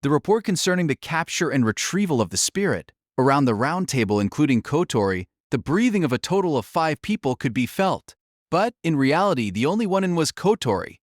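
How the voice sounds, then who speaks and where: A man narrating a light novel audiobook in an expressive storytelling manner. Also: a little high, fairly quick, no room sound, clean studio sound.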